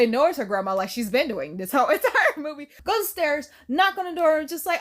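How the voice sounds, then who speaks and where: A high-voiced woman recaps a film in a loose, chatty way. She talks with animated slang and frequent laughs. Her voice sits noticeably high for a woman. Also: fast talker, hardly any pauses. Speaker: YouTube film reviewer. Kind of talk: casual movie recap.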